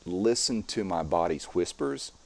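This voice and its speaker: A man's voice: deep voice, expressive, unhurried, gravelly, no room sound. A middle-aged strongman guest talking casually in an interview, explaining his methods step by step as he demonstrates.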